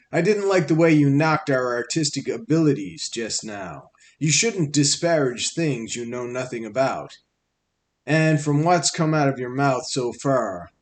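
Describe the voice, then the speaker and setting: A man's voice: medium pitch, close to an everyday voice. A man voicing a condescending male jackal army guard who scolds and lectures the prisoners in a raised, sarcastic tone in an audiobook. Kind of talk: audiobook character voice.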